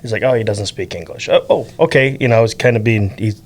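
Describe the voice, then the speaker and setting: Male podcast host, lively storyteller. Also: on the low side, fast, a little hiss or hum. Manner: animated storyteller, laughs while talking. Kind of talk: casual podcast interview.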